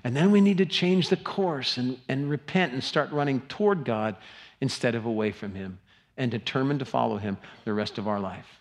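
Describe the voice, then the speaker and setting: A man's voice: medium pitch, normal speed. A man, a middle-aged pastor, preaching a sermon with earnest, emphatic appeals to the congregation.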